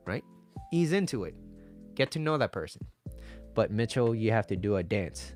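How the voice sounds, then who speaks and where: A man's voice: lowish voice, expressive, normal speed, long pauses, darkish tone, soft background music. A man talking casually to his viewers, giving dating advice in a chatty style and often asking "right?".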